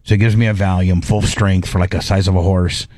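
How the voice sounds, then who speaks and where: A man's voice: deep voice, level tone, a little fast, darkish tone, no room sound. A middle-aged man hosting a radio talk show, casually telling a story and acting out his own panicked inner voice. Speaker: radio host.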